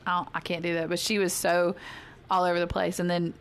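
A woman's voice: lowish voice, fairly quick, slight background noise. A woman co-hosting a podcast in casual chat, acting out conversations with her kids. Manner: animated, acts out family dialogue. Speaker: podcast co-host.

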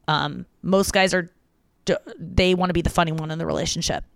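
A young woman talks through a casual solo podcast, candid and chatty, swearing freely between her asides. Her voice sits a little low and sounds smooth and clear. The recording is close and dry, with no room sound. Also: steady tone, fairly quick, no room sound. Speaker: podcast host. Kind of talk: casual solo podcast, reading listener messages.

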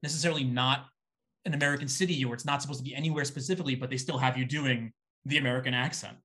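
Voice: mid-range voice, fairly even intonation, racing, fairly bright tone. A podcast host asking rambling, restarting questions in a casual interview.

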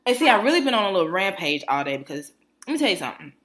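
A podcast co-host with a mid-range voice races through a rambling, profane story on a casual chat show. She's animated and acts out the people in her tale, mimicking each one.

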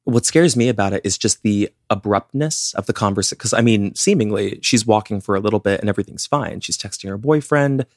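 A man's voice: on the low side, fairly quick, hardly any pauses, dry recording, studio quality. A young man co-hosting a podcast, casually telling a true-crime story with lots of "like" fillers. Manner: chatty, many "like" fillers. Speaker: podcast co-host.

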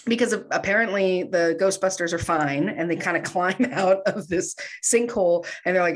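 A woman's voice: lowish voice, normal speed, few pauses. A woman casually recapping a movie on a podcast, chatty, with frequent laughs and lots of fillers.

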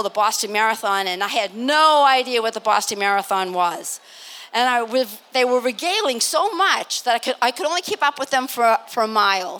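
An older woman from Massachusetts telling a lively story as a guest on a live panel, laughing and acting out what people said. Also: a little high. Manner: animated, laughing, acts out quotes. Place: live expo stage.

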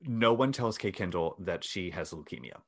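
A man's voice: sits low, expressive, normal speed, a bit bright. A man casually telling a gossipy old-Hollywood story to a co-host, wry and dry. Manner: wry storyteller, mock posh voices for quoted people.

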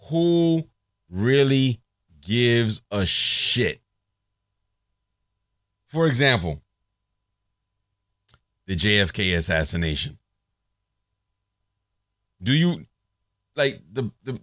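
A man hosting his own podcast, ranting in a sarcastic, profane, animated monologue. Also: mid-range voice, slow pace, long pauses, no echo, studio quality. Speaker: podcast host.

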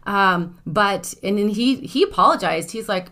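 A woman's voice: mid-range voice, moderate pace. A woman in her thirties, a co-pastor, telling stories in casual conversation and acting out the dialogue. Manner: animated storytelling, acts out quoted dialogue.

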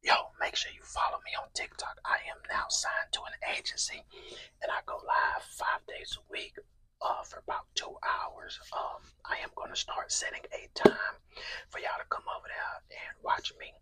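A man's voice: normal speed, pushed and bright. Whispering young man, ASMR mukbang vlog. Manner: casual, whispered throughout, slang-heavy. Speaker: vlogger.

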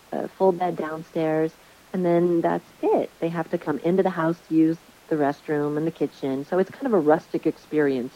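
A woman in casual chat, telling her own hosting stories in a lively way and acting out the lines of the people in them. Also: low-pitched, rough recording. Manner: animated storyteller, acts out quotes. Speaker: Airbnb host sharing stories.

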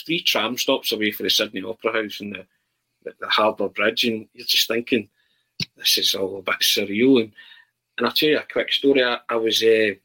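A man, a podcast guest, telling a travel anecdote in a halting, animated way with many restarts. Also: fairly low pitch, breathy edge, low-quality recording. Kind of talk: casual storytelling.

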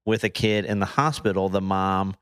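A man's voice: low-pitched, moderate pace, fairly bright tone, clear, resonant tone, no echo, clean studio sound. A man in casual chat, eagerly retelling a children's cartoon episode in detail.

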